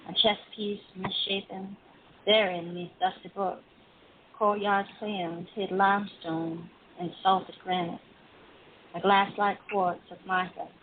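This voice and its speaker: A woman voicing an aging male prison guard, reciting a poem slowly and solemnly in his voice. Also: lowish voice, close to an everyday voice. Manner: slow measured poetry recitation. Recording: tinny phone line, faint hiss.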